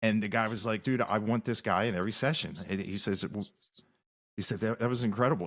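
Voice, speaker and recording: A man's voice: on the low side, a little fast. A man, a musician guest on a podcast, telling rambling stories in casual interview talk with many restarts.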